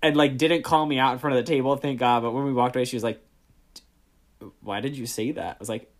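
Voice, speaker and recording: A man's voice: mid-range voice, fairly even intonation, very fast. A young man hosting a podcast, telling casual stories with swearing and laughs. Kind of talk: casual chat.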